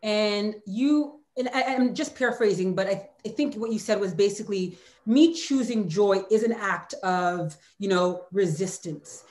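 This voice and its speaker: A woman's voice: mid-range voice, measured pace, hardly any pauses, a little mellow. Woman, 40s, interview guest; candid, heartfelt, close to tears at moments; roomy echo. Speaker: author and former hurdler, guest. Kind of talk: emotional interview conversation.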